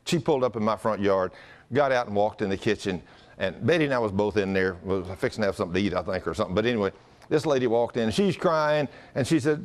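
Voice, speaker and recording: A pastor telling a story in a sermon, folksy, animated and often chuckling. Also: male voice, lowish voice, fast talker.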